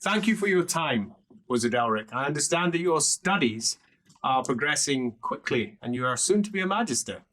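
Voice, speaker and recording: A man voicing a stately, courteous male emperor in a tabletop game, speaking formally and at a measured pace. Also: medium pitch, expressive, a bit bright, close to an everyday voice.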